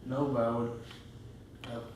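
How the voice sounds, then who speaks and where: A man asking questions off camera, soft and hesitant. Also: medium pitch, little pitch movement, a little slow, a little hiss or hum. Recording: distant voice in a very echoey room.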